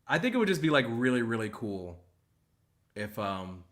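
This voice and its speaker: A man hosting a live stream, reacting to a clip with emphatic commentary and shout-outs to the chat. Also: medium pitch, normal speed. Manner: animated, emphatic, reads out chat.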